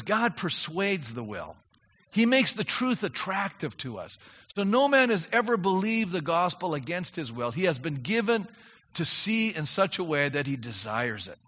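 A man's voice: a little high, very animated, moderate pace, pushed and bright. An older man preaching a sermon as pastor, earnest and emphatic, often rising into fervent prayer. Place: church sanctuary. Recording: dull lo-fi sound in a reverberant hall.

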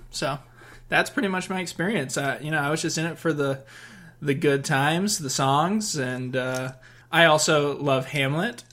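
A man's voice: on the high side, fairly bright tone. A man in his twenties, a guest on a podcast, chatting in an easygoing, rambling, upbeat way. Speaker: podcast guest, actor and singer. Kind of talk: casual podcast chat.

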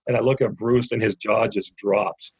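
Husky man telling a lively story. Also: fairly low pitch, moderate pace, dry recording, muffled recording. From Canada. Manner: animated anecdotes, acting out quoted dialogue. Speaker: guest, ministry founder. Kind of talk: storytelling in a podcast interview.

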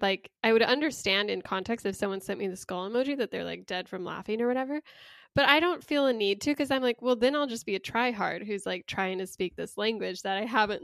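A woman's voice: fairly high pitch, creaky, a bit bright, no room sound, studio quality. A young adult woman co-hosting a podcast, talking casually with lots of fillers and frequent laughter. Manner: chatty, laughs often, filler-heavy. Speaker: podcast co-host. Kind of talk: casual chat.

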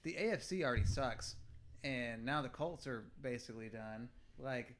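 A man's voice: medium pitch, moderate pace, a bit bright, a little hiss or hum. A man co-hosting a casual sports podcast, rambling and swearing freely as he talks football. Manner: rambling, profane, restarts often. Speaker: podcast co-host.

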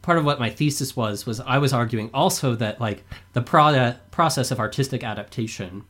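Young adult male guest, middle pitch, chatty and rambling. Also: normal speed. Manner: rambling, constant "like" fillers, animated. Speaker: podcast guest. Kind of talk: casual discussion.

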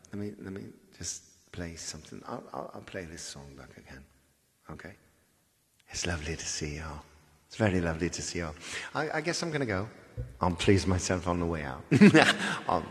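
A man's voice: low voice, in a large hall. A man hosting a live online music stream, chatting casually to his viewers in a rambling, chuckly way and repeating himself. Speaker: livestream singer and host.

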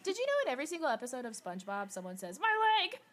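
A woman co-hosting a casual movie podcast, recapping scenes with frequent laughs and quick acted-out lines. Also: fairly high pitch. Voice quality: lively, laughs often, acts out lines in voices. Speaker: podcast co-host. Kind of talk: casual chat about movies.

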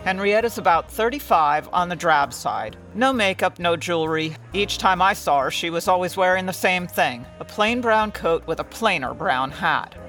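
Casting: actress as a snappish old-time noir client, brisk and cutting, faint music underneath. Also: female voice, on the low side, lively intonation, a bit bright. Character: blunt, tactless 1940s-style woman client. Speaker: client hiring a detective. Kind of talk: 1940s radio acting.

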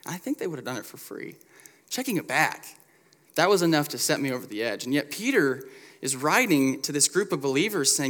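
A man's voice: a little high, big pitch swings, fairly quick, a bit bright. A young man in his twenties, a pastoral resident, preaching a sermon in a conversational, self-deprecating way, telling a personal story to the congregation. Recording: long hall reverb.

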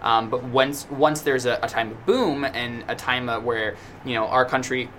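A man's voice: mid-range voice, normal speed, a bit bright, faint music behind. A man co-hosting a casual podcast discussion, talking at length and thinking aloud with frequent restarts. He is in a small room with a noisy fan. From United States. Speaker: podcast co-host.

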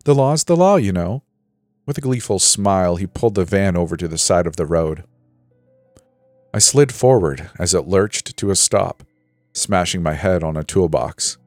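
A man with a very low, deep voice narrates a horror story in a slow, measured way. The voice is close and dry, with faint music playing underneath. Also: animated, no echo. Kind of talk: scripted narration.

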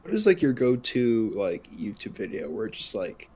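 A man's voice: on the low side, sing-song, normal speed, a little mellow. A young man co-hosting a podcast, rambling and hesitant in casual chat. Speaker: podcast co-host.

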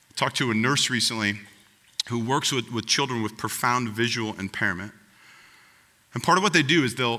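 A man's voice: mid-range voice, pushed and bright, big-room sound. A man preaching a sermon, speaking earnestly and directly to the congregation as their pastor.

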